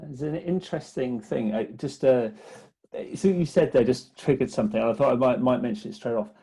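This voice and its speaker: A man who is a business development guest on an interview, speaking haltingly with many restarts. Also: mid-range voice, warm tone. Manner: hesitant, many restarts and fillers. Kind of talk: conversational interview.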